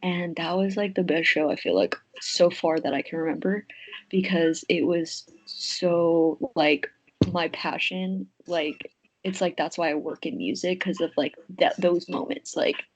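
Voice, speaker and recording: A young woman on a casual podcast, her voice sitting a little low. She rambles through the story, packing it with fillers and swearing, and her excitement builds as she goes. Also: a little slow, no room sound, rough recording. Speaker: podcast guest. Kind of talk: casual chat.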